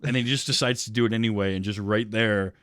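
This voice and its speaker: Low-voiced man rambling about movies. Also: steady tone, fast, a bit bright, smooth, dry recording, studio quality. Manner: rambling, fills with ums, acts out scenes. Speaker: podcast host. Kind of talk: casual movie chat.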